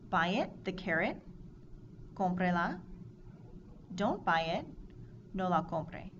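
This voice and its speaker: A woman teaching a Spanish grammar lesson, explaining clearly and drilling verb forms in a measured, scripted way. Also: on the low side. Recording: dull lo-fi recording with audible noise.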